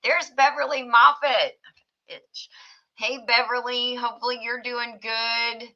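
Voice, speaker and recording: A woman's voice: on the high side, little pitch movement, a little slow, sharp tone, dull audio. A woman hosting a casual livestream chat, reading viewer comments aloud and laughing often. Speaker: livestream host.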